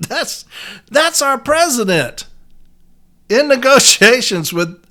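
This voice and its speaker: On his solo podcast, a man speaking as a union letter carrier delivers a heated rant, angry, emphatic and full of profanity. His voice is high-pitched and bright with a forceful edge, very animated yet slow in pace.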